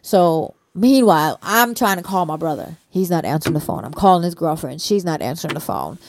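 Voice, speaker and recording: A woman's voice: low voice, animated, brisk, a little mellow, no room sound. A woman telling a personal story in casual conversation, rambling with many fillers and free swearing. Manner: slangy, hesitant.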